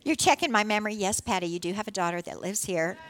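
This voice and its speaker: A middle-aged woman giving an earnest, heartfelt personal testimony to a church congregation, with soft laughter along the way. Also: medium pitch, animated, quick pace. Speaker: church speaker sharing testimony.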